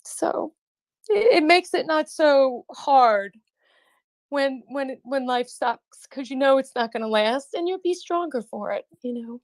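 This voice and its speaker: A woman talking as a guest in a casual online chat, reflective and halting, often restarting her phrases. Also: high-pitched, animated, no room sound.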